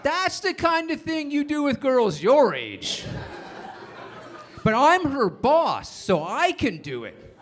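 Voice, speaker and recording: A man's voice: very high voice, huge pitch swings, slow, a bit bright, pitched above the performer's own voice, exaggerated voice. A man voicing a lecherous middle-aged male school principal who scolds and then turns chummy, in a stand-up bit. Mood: scolding.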